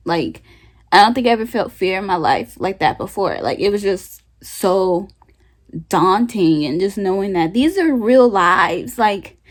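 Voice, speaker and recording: A young woman who's a new grad nurse chats through a casual storytime vlog, animated and emotional. Her mid-range voice keeps a measured pace, and "like" fills her sentences constantly.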